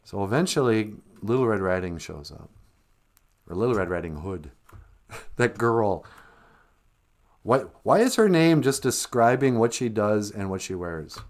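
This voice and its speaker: A man's voice: lowish voice, very animated, a little slow, long pauses. A man hosting a live stream, retelling a children's story in a wry, sarcastic comedic way.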